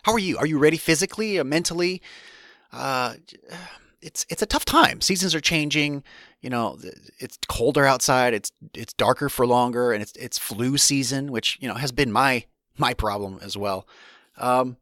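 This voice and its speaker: A man's voice: mid-range voice, moderate pace, a bit bright, no room sound, clean studio sound. Rambling man hosting a solo podcast. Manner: rambling, restarts often, candid. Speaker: podcast host.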